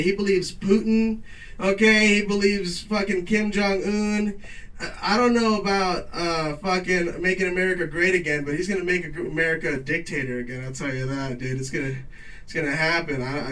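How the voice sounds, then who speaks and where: Late-night host, male, high-pitched, hypes the crowd and cracks crude jokes; off-mic sound. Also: recorded from a distance, rough recording. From Mexico. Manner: loud hype-man announcing to a crowd; casual profane joking. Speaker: talk show host. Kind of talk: stand-up monologue. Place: garage studio with live audience.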